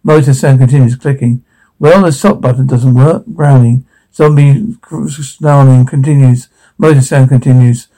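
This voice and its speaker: A man reading a zombie game's captions and dialogue aloud, naming the sound cues in a flat, matter-of-fact way. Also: medium pitch, normal speed, poor audio.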